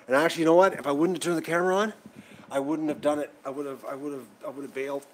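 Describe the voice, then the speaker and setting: A man's voice: fairly high pitch, steady tone, racing, a little hiss or hum, rough recording. A man, chatting casually and rambling on a livestream about his day and his animals. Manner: rambling, self-deprecating, talks to his animals. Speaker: vlogger raising ducks.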